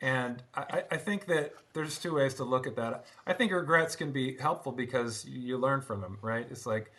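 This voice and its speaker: A middle-aged man speaking as an interview guest, telling stories in a casual, animated way, laughing often and restarting his sentences. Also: mid-range voice, moderate pace. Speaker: guest, former band drummer. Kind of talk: casual conversational storytelling.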